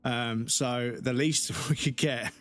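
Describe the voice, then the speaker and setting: A man with a British accent chatting casually on a live stream, ranting with heavy swearing, his nose blocked up and his throat needing constant clearing. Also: mid-range voice, steady tone, takes it slowly, fairly bright tone.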